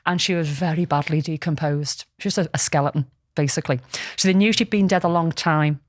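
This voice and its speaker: A woman's voice: low voice, fairly quick, no echo, clean studio sound. A woman, casually telling a story on a podcast, rambling with lots of ums and restarts. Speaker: podcast co-host.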